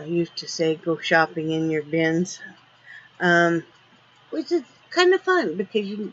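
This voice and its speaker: Woman chatting to her dogs. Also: dull audio. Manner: talks to her dogs in a high playful scolding voice; relaxed rambling daily update with many ums. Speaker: vlogger. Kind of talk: casual home vlog.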